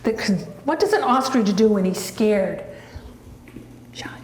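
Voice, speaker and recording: Her voice mid-range, expressive and unhurried, a woman trains her dog and demonstrates its tricks. She chats casually and gives brief, patient, coaxing commands, and the echoey room carries faint background noise.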